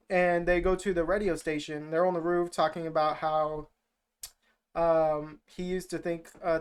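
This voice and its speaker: Smooth-voiced man rambling through a recap. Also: a little high. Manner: rambling retelling full of "like" fillers; swears casually. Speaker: podcast co-host. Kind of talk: casual movie recap chat.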